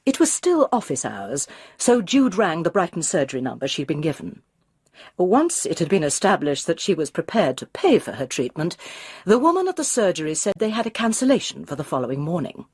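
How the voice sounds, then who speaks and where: A woman narrates an audiobook in a measured, expressive way. Her voice is husky and fairly low, with a wide, lively pitch range, recorded dry and close. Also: dry recording. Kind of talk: scripted narration.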